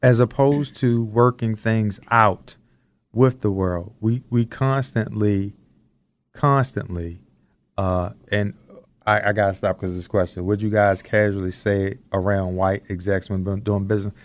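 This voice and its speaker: A man co-hosting a podcast, talking in an earnest, reflective way as he slowly builds his points. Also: lowish voice, fairly even intonation. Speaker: podcast co-host. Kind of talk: casual discussion.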